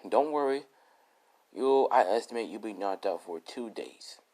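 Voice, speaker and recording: A stern ancient ice warrior who speaks low and hushed, as if through a mask, as a man puts him on. He lectures coolly and bluntly, a gruff mentor in a homemade spoken fan story. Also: lively intonation, unhurried.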